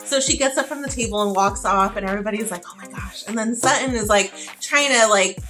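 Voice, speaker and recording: A woman's voice: a little high, fast, bright, forceful tone, soft background music. A woman beauty vlogger chatting casually through a get-ready-with-me video, talking in a loose, chatty way full of "like" fillers. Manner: chatty, heavy use of "like" fillers.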